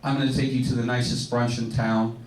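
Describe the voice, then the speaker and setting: A man voicing an eager married golfer in a stand-up joke, casual and a bit hushed, in an echoey club heard from far off. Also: mid-range voice, little pitch movement, a little fast, a little hiss or hum, lightly acted.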